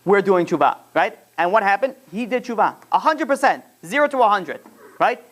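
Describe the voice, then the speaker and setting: A fast-talking man teaches an informal religious lesson. He often restarts his phrases and rambles along. He mixes in stories as he goes. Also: sits high, expressive, fairly bright tone.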